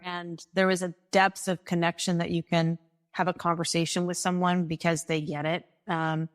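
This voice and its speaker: In a fairly low-pitched voice, a woman appears as a guest and shares a personal story. She acts out the lines of dialogue with animation and frequently breaks into laughter.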